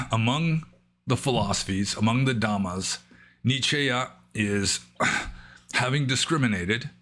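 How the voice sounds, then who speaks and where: A man answering questions in a casual, rambling way, thinking aloud with many fillers and slowing down to read verse carefully. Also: medium pitch, sharp tone. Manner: careful, slow reading of Pali verse. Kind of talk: casual explanatory talk.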